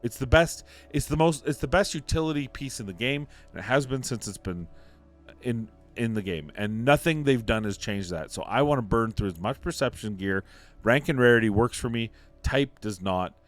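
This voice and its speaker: A man giving opinionated commentary on a mobile game, emphatic and ranting, repeating points for emphasis. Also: lowish voice. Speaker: mobile game content creator.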